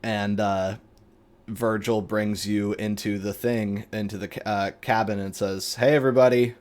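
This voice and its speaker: A man narrating as game master of a tabletop game, unhurried and rambling with lots of fillers. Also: fairly low pitch, level tone.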